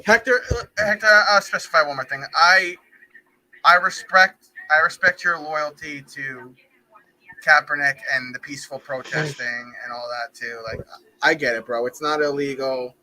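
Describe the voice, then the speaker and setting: Bright-voiced young man, profane banter. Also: on the high side, moderate pace, low-quality recording. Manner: profane, rambling, joking. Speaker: live stream host. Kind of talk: casual live stream chat.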